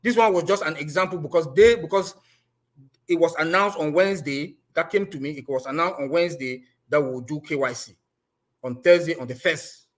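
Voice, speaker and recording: A man's voice: on the high side, brisk. A man speaking on an online group call, earnestly repeating warnings to be careful. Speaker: meeting speaker.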